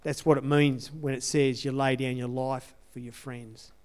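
A man's voice: medium pitch, little pitch movement, normal speed, darkish tone, clean tone. A man giving a conversational sermon testimony in an earnest way, repeating his key phrases. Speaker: church speaker sharing testimony.

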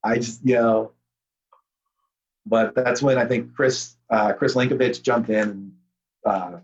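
A man's voice: medium pitch, fairly even intonation, measured pace, breathy edge, dull audio. A man talking casually as a podcast guest, rambling in a laid-back way with lots of fillers. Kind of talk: casual conversation.

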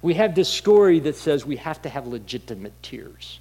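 A man preaching a sermon in a candid, conversational storytelling way, with halting restarts. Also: on the high side, sing-song, a little mellow, rough recording. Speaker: pastor.

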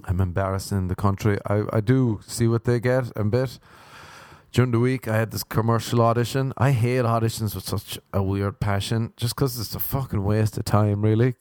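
A man's voice: fairly low pitch, steady tone, moderate pace, darkish tone, dry recording, clean studio sound. A young Irish man telling rambling, sweary, self-mocking stories in a casual monologue, acting out other people's voices as he goes. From Ireland.

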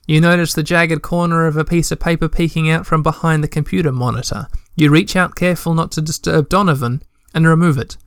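A man's voice: on the high side, steady tone, fairly quick, hardly any pauses, clean tone, no echo, clean studio sound. A young man reading a text adventure aloud in a let's play, with chatty, joking asides.

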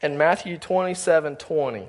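A man's voice: a little high, normal speed. Earnest man preaching a sermon. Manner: earnest preaching with scripture reading. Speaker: pastor. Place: church sanctuary.

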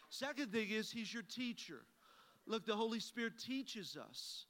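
Folksy pastor, man, bright voice in a hall. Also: sits high, expressive, moderate pace, slight background noise. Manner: folksy storytelling, acting out both sides of a conversation. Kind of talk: sermon with a personal story. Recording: long hall reverb.

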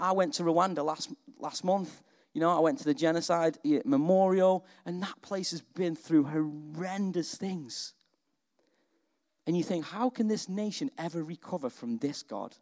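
A male preacher delivers a sermon in a chatty, lively style and keeps turning to his listeners with questions. His voice sits fairly high for a man. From England. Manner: lively, conversational, asks the audience questions.

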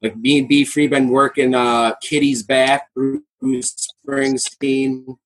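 A man's voice: mid-range voice, slow pace, rough recording. A man in a band, talking loosely and swearing as he laughs through a video call interview. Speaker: band member, bass player. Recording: video call audio, choppy at times.

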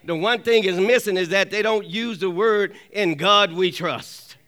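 A man preaches with a high, ringing voice that stays smooth and clear. He works the congregation with call-and-response, pressing for an amen. He drives his points home by saying them twice. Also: unhurried, sharp tone. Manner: repeats key lines for emphasis. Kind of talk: sermon.

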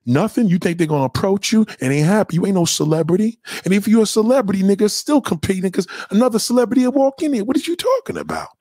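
Brief: young adult male streamer, husky, animated pitch, heated profane slang rant, dry close sound. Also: fast, few pauses, no room sound. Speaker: livestream host answering chat. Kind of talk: casual livestream rant.

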